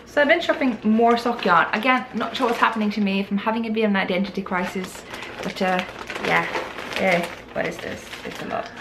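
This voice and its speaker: Lady guest on a podcast, bit of vocal fry, laughs at herself, trips on english words. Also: medium pitch, brisk, noisy background. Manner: giggly, self-deprecating, stumbles over English words. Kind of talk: casual chat, showing a yarn haul.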